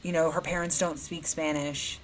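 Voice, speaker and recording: Low-voiced blunt gossiping woman. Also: little pitch movement, normal speed, a little hiss or hum. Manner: blunt, gossipy, laughs often. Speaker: podcast co-host. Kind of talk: casual chat.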